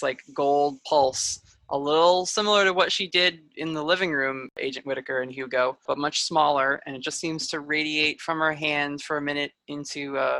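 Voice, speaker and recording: A woman's voice: sits low, bright, forceful tone, no echo, poor audio. A woman narrating as game master of a tabletop role-playing game, loose and full of fillers.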